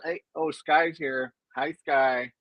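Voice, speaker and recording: A man chatting as a guest in a relaxed way, laughing often and filling pauses with "uh". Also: medium pitch, no room sound, rough recording. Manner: laid-back, laughs often, hesitant fillers. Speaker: guest, paranormal investigator. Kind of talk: casual chat. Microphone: video call.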